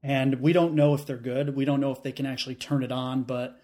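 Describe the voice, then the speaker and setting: A man co-hosting a casual sports podcast, riffing with deadpan jokes. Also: mid-range voice, fairly quick. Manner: jokey, deadpan riffs. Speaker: podcast co-host.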